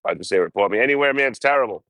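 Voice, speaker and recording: A man casually telling hitchhiking stories on a livestream, full of swearing and lively asides. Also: mid-range voice, racing, dry recording. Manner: profane, animated storytelling.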